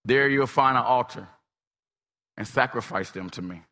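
A man preaching a sermon with dramatic storytelling, swinging from shouts to whispers. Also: mid-range voice, moderate pace, big-room sound.

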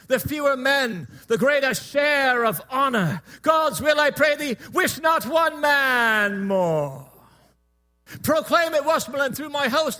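A man reciting Shakespeare as a warrior king rallying his troops, declamatory and building to shouts. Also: very high-pitched, full character voice. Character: rousing warrior king, English, addressing troops.

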